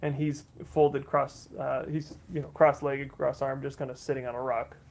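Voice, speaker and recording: A man's voice: medium pitch, level tone, normal speed, vocal fry, a little mellow. A man narrating a tabletop game as game master, rambling along with many restarts and fillers.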